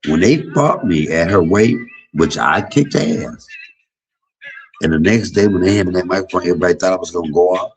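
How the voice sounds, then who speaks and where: A man's voice: deep voice, fairly quick, rough recording. A man in his fifties telling blunt, profane stories in a candid livestream monologue. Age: 50s. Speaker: livestream host.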